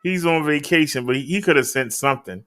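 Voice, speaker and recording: A man's voice: a little high, quick pace, a bit bright. A man hosting a casual live stream, chatting with viewers in a laid-back, direct way. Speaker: live-stream host reviewing e-bikes.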